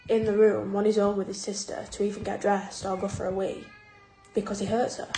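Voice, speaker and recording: In a casual home vlog, a woman who is a single mother calmly and wearily describes a hard day. Her voice sits in the mid range, and the indoor recording is echoey with a little faint noise.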